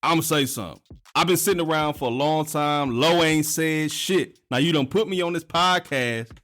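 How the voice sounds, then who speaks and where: A man's voice: on the high side, moderate pace, a bit bright. A man co-hosting a podcast in casual chat, blunt and joking, laughing often between lines. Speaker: podcast co-host.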